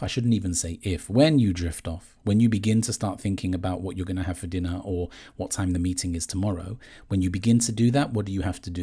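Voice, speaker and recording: A man calmly explaining a meditation practice step by step, in a measured teaching manner. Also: lowish voice, slightly rough. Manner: calm, measured, gently explaining. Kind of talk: guided instruction on meditation.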